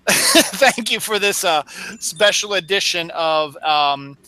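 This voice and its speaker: Brief: very bright, tense-toned man, giggly and playful, a bit high. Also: lively intonation, takes it slowly, no echo. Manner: giggly, laughs often. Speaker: co-host. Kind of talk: casual podcast banter.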